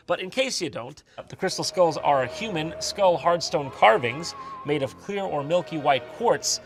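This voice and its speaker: A man's voice: high-pitched, a bit bright. A man hosting a comedy review, ranting with sarcastic exasperation. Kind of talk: comedic commentary.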